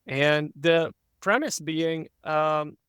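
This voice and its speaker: A pastor speaking as a podcast guest, telling a story in an earnest, reflective way with frequent fillers. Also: male voice, on the high side, drawn-out words, fairly bright tone, smooth, no room sound.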